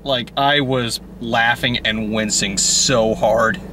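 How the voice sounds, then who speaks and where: A man's voice: mid-range voice, steady tone, slow, background noise. A young man co-hosting a casual movie review chat, rambling and bursting into exaggerated outbursts. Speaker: co-host.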